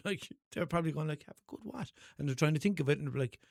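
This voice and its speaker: Young Limerick man, high-pitched, dry close sound, rambling sweary podcast host. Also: fast, vocal fry, a little mellow, dry recording. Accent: Limerick Irish. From Ireland. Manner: rambling, sweary, self-mocking storytelling with put-on voices. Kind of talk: casual solo podcast monologue.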